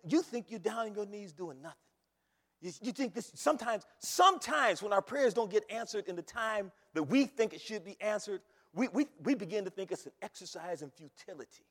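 Male preacher, high lively voice, sermon in a reverberant church. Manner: animated, repeats phrases, rises to shouts. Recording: long hall reverb.

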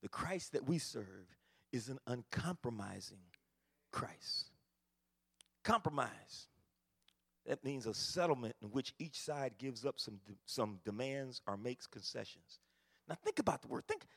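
A pastor preaching a sermon, moving from quiet teaching to shouted fervor. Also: male voice, medium pitch, big pitch swings, normal speed, creaky, breathy edge.

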